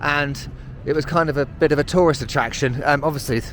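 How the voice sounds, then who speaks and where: A UK travel vlogger with a British English accent narrates a walk along outdoor city streets, chatty, self-mocking and given to sarcastic asides. He speaks a little fast in a slightly high, bright voice. Some background noise is audible.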